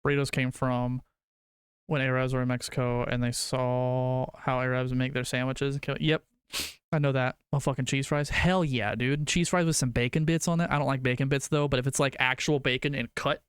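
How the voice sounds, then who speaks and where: Smooth-voiced streamer man, casual rambling. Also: mid-range voice, flat delivery, normal speed, dry recording, clean studio sound. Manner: rambling, swears casually, argues food opinions. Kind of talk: casual chat with live chat.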